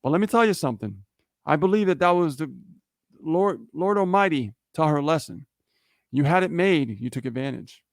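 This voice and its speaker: A man's voice: a little high, lively intonation, moderate pace, no room sound, clean studio sound. A man co-hosting a livestream, telling a story in a casual motivational way and often checking in with "okay?" and "right?". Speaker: livestream co-host.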